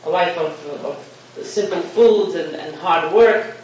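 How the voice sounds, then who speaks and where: A man's voice: on the high side, takes it slowly, a little mellow. A man giving a sermon, telling a parable in a storytelling manner and mixing in Hebrew and Yiddish terms. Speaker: rabbi giving a talk. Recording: echoey room, distant mic, faint hiss.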